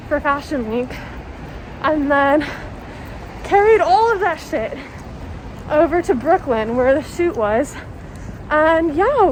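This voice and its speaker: High-voiced young woman vlogging outdoors. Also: low-quality recording. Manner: chatty, swears freely, laughs often. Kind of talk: casual vlog. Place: outdoors on city streets. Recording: loud outdoor street noise.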